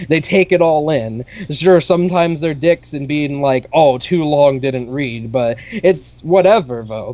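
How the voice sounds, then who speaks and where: A man's voice: a little high, no room sound, muffled recording. A young man co-hosting a podcast, telling a long story in a rambling way, with lots of "like" and casual swearing. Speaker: podcast co-host.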